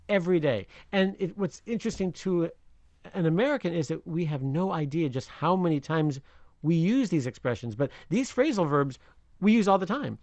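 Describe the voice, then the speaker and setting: A man explains everyday expressions to radio listeners with an animated, swooping voice that rises and falls a lot. He talks in an explanatory, friendly way and chuckles now and then, and the sound is dry and close. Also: a little high, no room sound. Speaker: slang expert guest. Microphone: remote line from another city.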